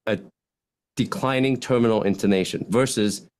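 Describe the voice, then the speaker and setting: A man, a physician, giving speaking advice as a podcast guest, animated and lively, swinging his voice up and down and acting out example lines in contrasting tones. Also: moderate pace, smooth. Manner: animated, swings pitch widely to demonstrate points. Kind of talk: podcast interview, coaching talk.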